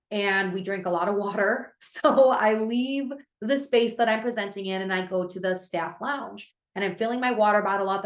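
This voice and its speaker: Earnest young woman in a roomy space. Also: mid-range voice. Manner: earnest, heartfelt, with frequent restarts. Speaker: abuse prevention educator and co-host. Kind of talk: conversational podcast storytelling. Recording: roomy echo.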